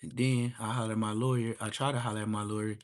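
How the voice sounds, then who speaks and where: A man's voice: fairly low pitch, flat delivery, fast. A man vlogging, ranting casually and mocking someone in a trash-talking way.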